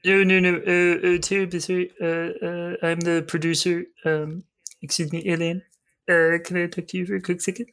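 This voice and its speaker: A woman's voice: fairly low pitch, level tone, moderate pace, fairly bright tone. A woman playing a nervous, apologetic TV producer who stammers constantly in an improvised comedy scene.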